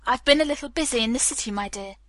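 A woman's voice: a little high, very fast, no echo, lightly acted. A woman reading an audiobook, voicing a polite, hesitant middle-aged English father. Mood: evasive.

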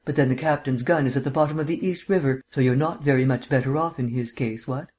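A man's voice: medium pitch, fast talker, a little mellow, natural voice. Audiobook: male narrator as a languid, learned sleuth who lectures at length, mannered drawl. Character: languid erudite male amateur detective. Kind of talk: audiobook character reading.

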